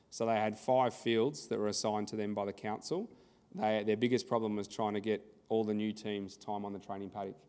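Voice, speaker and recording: A man's voice: lowish voice, darkish tone, in a large hall. An Australian man presenting a conference workshop in a conversational style, telling anecdotes and acting out the dialogue.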